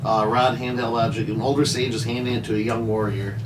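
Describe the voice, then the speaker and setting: A man's voice: medium pitch, flat delivery, brisk. A man playing a tabletop game, stumbling through his lines in character. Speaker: player. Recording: echoey room, far from mic, noisy.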